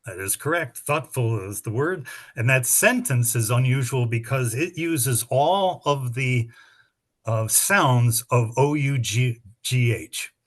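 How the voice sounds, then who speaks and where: A man's voice: mid-range voice, expressive, takes it slowly, a bit bright. Chatty man hosting a spelling bee. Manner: explanatory, chatty, dry asides. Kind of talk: reading rules and practice words to teams.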